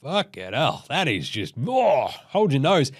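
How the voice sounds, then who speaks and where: A young Australian man hosts a basketball podcast in a fairly high, sing-song, unhurried voice with a breathy edge. His casual sports commentary rambles, includes swearing, and features silly voices for the players.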